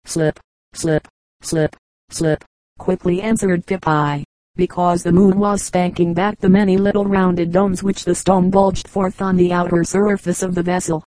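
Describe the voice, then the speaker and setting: A woman narrates old folk tales in a calm, measured storytelling voice. Her voice sits low and stays level, with a mellow, unhurried warmth. The recording is close and dry, with no room sound. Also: dry recording, low-quality recording. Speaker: audiobook reader.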